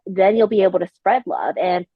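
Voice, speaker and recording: A woman's voice: medium pitch, a little fast, no echo, phone-quality sound. A woman, a flight attendant and podcast guest, chatting casually in a rambling way full of fillers. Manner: rambling, filler-heavy storytelling. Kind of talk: casual chat.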